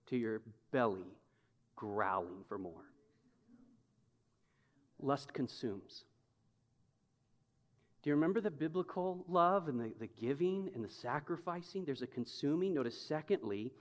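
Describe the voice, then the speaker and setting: A man's voice: on the high side, long reverb tail. A man preaching a sermon with emphatic, conversational delivery and touches of humor. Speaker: pastor.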